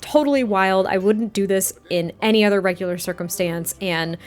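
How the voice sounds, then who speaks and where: A woman's voice: medium pitch, moderate pace, natural voice. Woman doing a nervous young sim mom, rambly and sorry-sounding, kinda anxious. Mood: uneasy. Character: flustered young single mom student, nervous.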